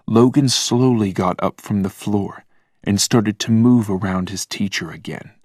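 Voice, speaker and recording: Slow, deliberate male storyteller. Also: fairly low pitch, no room sound, clean studio sound. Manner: calm, plain, deliberate. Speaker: narrator. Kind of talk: slow scripted narration for language learners.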